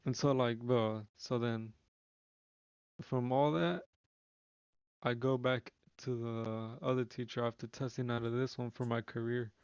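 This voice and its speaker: A young man tells a rambling story on a live stream, his voice gravelly yet smooth and resonant, held in a flat, even tone. He talks in slang, swears freely and restarts his sentences. The sound is dry and a little dull. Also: mid-range voice, unhurried, no room sound. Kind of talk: casual storytelling on a livestream.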